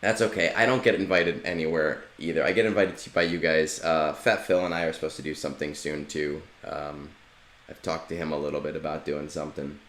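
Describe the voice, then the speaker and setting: A man's voice: extremely low pitch, fairly even intonation, brisk, fairly bright tone, echoey room. A man streaming a game and chatting casually with viewers, loose in manner and swearing freely. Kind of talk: casual live-stream chat.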